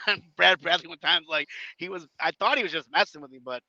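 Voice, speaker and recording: A man telling animated stories in a casual podcast chat, acting out quotes and laughing often. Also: fairly high pitch, a little fast, no echo, lo-fi sound. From Chicago area. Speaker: guest wrestler.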